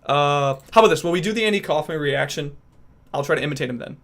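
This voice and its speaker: A man's voice: a little high, fast, fairly bright tone. A man streaming who chats casually and rambles while trying out voice impressions. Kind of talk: casual chat.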